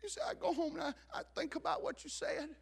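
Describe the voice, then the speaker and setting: A middle-aged man preaching a sermon as a pastor, telling a story and rising from quiet asides to shouts. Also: very high voice, sing-song, fast talker, gravelly.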